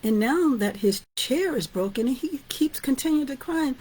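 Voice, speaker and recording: A woman's voice: high-pitched, animated, normal speed, darkish tone, a little hiss or hum. A woman author and teacher giving an informal storytelling lesson, chatty and often asking "right?". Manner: chatty, asks "right?" and "guess what?".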